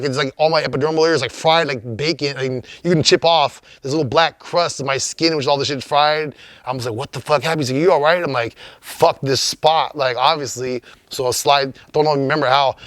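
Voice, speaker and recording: A young man from Los Angeles tells a story in a casual interview, his speech loose, profane and full of restarts. His voice sits a little high for a man. The sound is dry and close, with almost no room around it. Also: no echo. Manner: profane, rambling, animated. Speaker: graffiti writer.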